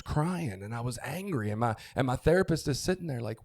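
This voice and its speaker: A man's voice: medium pitch, animated, brisk, gravelly, a little mellow, no echo. A middle-aged man on a recovery podcast, speaking openly and searching for words, restarting often and swearing now and then. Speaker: podcast co-host. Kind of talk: candid recovery podcast talk.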